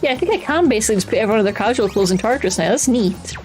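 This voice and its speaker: A woman's voice: a little high, lively intonation, rapid-fire, a little mellow. A woman streaming a video game live, chatting playfully, humming along and reading the on-screen text aloud into her desk microphone. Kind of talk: live gameplay commentary. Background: faint game music.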